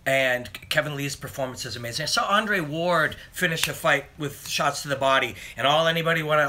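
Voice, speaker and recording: Bright-voiced man chatting live. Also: a little high, normal speed, hardly any pauses, a little hiss or hum. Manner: rambling, answers viewer comments as he reads them. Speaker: MMA analyst hosting a live Q and A. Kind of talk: casual live-stream chat. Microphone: phone camera.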